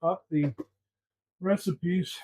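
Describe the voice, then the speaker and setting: A man's voice: high voice, drawn-out words, darkish tone, husky. A man cooking at home, talking to himself in a flustered, muttering way and swearing often. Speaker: home cook vlogger. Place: home kitchen.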